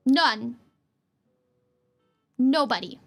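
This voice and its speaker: A young adult woman streaming as a VTuber, chatting casually and playfully with her chat in quick jokey asides. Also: high voice, lively intonation, gravelly.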